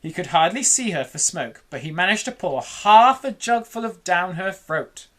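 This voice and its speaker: A woman reading a children's book aloud in an animated, dramatic way. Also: lowish voice, moderate pace. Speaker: storyteller.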